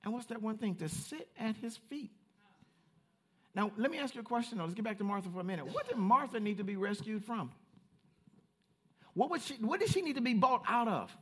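A man with a high, light voice preaches to his congregation in an animated, playful way. He swings from quiet, reflective stretches to bright, teasing call-outs, with a Southern Black way of speaking. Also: fairly quick, long pauses, husky. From United States. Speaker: pastor. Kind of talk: sermon.

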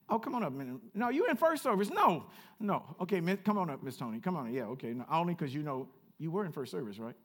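A man preaching a sermon as pastor, swinging from quiet asides to loud repeated calls and chatting with the congregation. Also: on the high side, lively intonation, fast talker. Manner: chatty with the congregation, laughs at himself. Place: church.

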